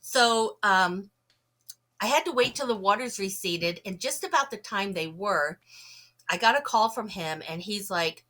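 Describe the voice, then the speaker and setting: Bright-voiced woman telling a lively story. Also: medium pitch, unhurried. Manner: lively, acts out the people she quotes. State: slight cough, sore throat. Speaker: guest, UFO investigator. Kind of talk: animated storytelling.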